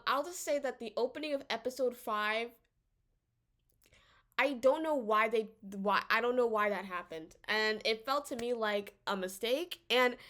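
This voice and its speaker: A woman vlogger giving casual commentary on a drama series. She talks in an animated, rambling and exasperated way, often stammering and restarting her sentences. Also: a little high.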